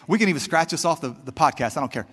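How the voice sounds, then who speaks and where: A man's voice: fairly high pitch, lively intonation, very fast, fairly bright tone, in a large hall. A male pastor preaching a fervent, conversational sermon straight to his congregation.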